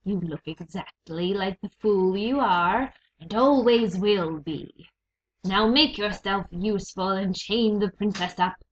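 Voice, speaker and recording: A woman's voice: mid-range voice, a little hiss or hum, close to an everyday voice. A woman doing a cold, sneering rat villain. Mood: contemptuous. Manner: slow, cold, contemptuous. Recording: dull lo-fi recording.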